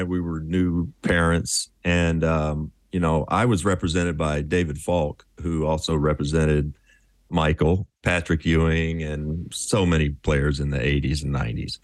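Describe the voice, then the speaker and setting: A man in his fifties, a former pro basketball player, telling relaxed, chuckling stories in a casual interview. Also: sits low, dry recording, studio quality.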